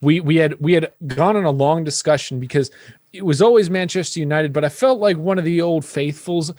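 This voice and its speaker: A man's voice: a little high, brisk, darkish tone, dry recording. Playful rambling American man, dry sound. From United States. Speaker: podcast co-host. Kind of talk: casual chat.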